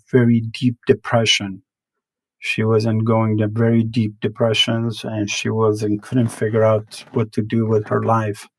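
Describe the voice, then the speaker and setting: A man tells his story in halting, earnest English full of broken grammar. His voice sits low and gravelly, with a flat, even delivery. The sound is close and dry. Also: no echo, rough recording. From Afghanistan. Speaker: podcast guest. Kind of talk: personal life story in interview.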